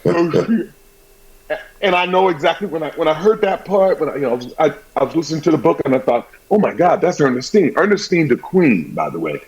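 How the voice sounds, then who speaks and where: Male talk show host, fairly high voice, animated, quick talker, dull lo-fi sound. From Southern US. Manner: animated, fast-talking. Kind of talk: casual talk show chat.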